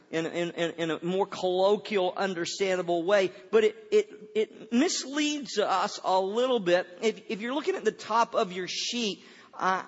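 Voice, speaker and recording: An older male pastor with a high, slightly bright voice delivers a folksy sermon, frequently repeating the opening words of a thought before continuing. The recording sounds dull and carries a long hall reverb.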